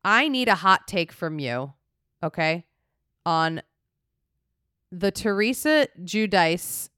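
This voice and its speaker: A woman hosting a podcast in casual, effusive chat, giggly and a little rambling. Her voice is smooth and clear. It is recorded close and dry with no room sound. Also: on the low side, very animated, slow, pushed and bright, no echo. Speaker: podcast host.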